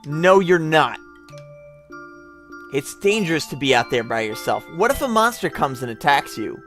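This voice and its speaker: A man's voice: on the high side, big pitch swings, moderate pace, a bit bright, faint music behind. A man voicing a goofy but caring young uncle figure from a video game, with playful, earnest warnings, on a close mic. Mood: protective. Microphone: close mic with popping.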